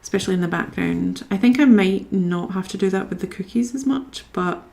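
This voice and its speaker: A woman's voice: medium pitch, fairly quick, gravelly, a little mellow. A young woman from Scotland chatting casually to her live-stream viewers while she colours, reading out their comments and talking to herself as she works.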